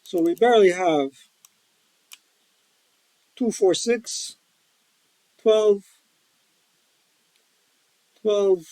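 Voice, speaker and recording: The voice is a man's, sitting high with a darkish tone, captured with poor audio and no room sound. He's a board wargame player and host rambling casually through a solo game, tossing in jokes and folksy asides.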